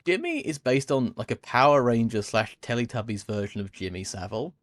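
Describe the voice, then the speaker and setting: A man's voice: mid-range voice, big pitch swings, a little fast, no room sound, clean studio sound. A man talking casually and at length about a film on a podcast, rambling with many fillers and restarts. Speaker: podcast co-host.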